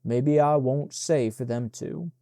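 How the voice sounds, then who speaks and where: A man reading the part of a bossy, proud young girl, in a mellow voice. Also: medium pitch, slow, vocal fry, no echo, studio quality.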